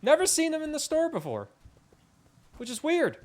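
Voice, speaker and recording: A man's voice: extremely high pitch, wildly swooping pitch, moderate pace, a little mellow. A young man streaming a game live, chatting in a rambling, self-mocking way and swearing casually. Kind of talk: casual live-stream chat while gaming.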